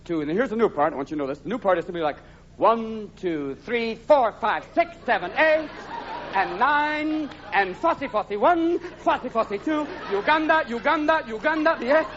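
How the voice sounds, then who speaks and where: A man tears through a live stand-up set in a high, excitable voice, jumping from one cartoonish character voice to the next. The recording is dull and lo-fi, with a roaring, laughing crowd and heavy noise all around him. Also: normal speed. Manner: manic, jumping between many silly character voices. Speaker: stand-up comedian. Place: theater stage before a live audience.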